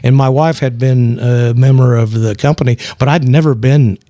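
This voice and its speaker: A man with a Texan accent recounts a story as an interview guest. His pitch sits in an ordinary middle range, and the sound is dry and close with no room around it. He talks animatedly, slipping into quoted voices and tripping over restarts. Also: fairly even intonation, normal speed, dark tone, no room sound. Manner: frequent restarts and stammers. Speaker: guest actor. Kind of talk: casual storytelling.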